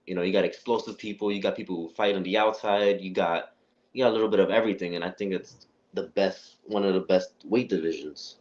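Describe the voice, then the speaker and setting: Over a dull phone line, a young boxer guesting on a casual call-in interview speaks fast in a very deep, darkish voice with a steady tone. He sounds relaxed and frequently repeats himself as he collects his thoughts.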